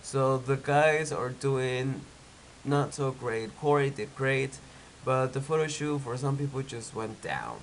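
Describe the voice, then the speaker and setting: A man's voice: mid-range voice, slow pace, a little hiss or hum, poor audio. A young man with a stuffy nose from a cold, recapping a reality show in a chatty, opinionated way, with lots of "like". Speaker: TV recap vlogger.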